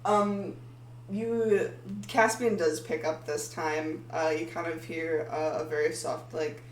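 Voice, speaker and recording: A woman's voice: low-pitched, steady tone, takes it slowly. Woman game master, echoey and distant. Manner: hesitant, full of ums and likes. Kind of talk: narrating a tabletop game. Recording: echoey room, far from mic, faint hum.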